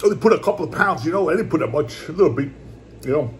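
A man in a casual home eating vlog, rambling along in a relaxed, repetitive way as he talks to his viewers. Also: fairly high pitch, very fast, a little hiss or hum. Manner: laid-back, rambling, repeats "my brothers" and "puppy". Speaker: mukbang vlogger. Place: at home, indoors.

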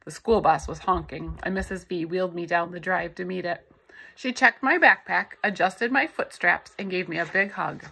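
A woman reading a novel aloud in the first person, in a steady storytelling manner. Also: on the low side, moderate pace, vocal fry, slightly rough, rough recording. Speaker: audiobook narrator.

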